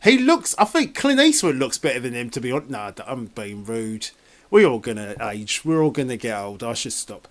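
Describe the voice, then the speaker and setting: A man's voice: mid-range voice, very animated, normal speed. A man doing a casual trailer reaction in a rambling, sarcastic, exasperated way.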